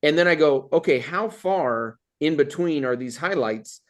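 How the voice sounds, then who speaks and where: A man's voice: fairly high pitch, expressive, measured pace. A man hosting a comedy workshop on a video call, rambling with many fillers and restarts. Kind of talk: casual chat on a video call.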